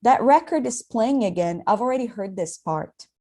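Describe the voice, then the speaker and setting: A woman's voice: on the high side, expressive, normal speed, warm tone. A woman reading as a sleepy, bitter woman on the phone. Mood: probing.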